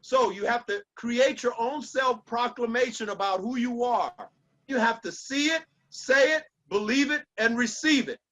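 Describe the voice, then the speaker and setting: A man's voice: very high-pitched, unhurried, fairly bright tone. A man giving a motivational speech with an emphatic, preacher-like cadence and lots of repetition. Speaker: motivational speaker.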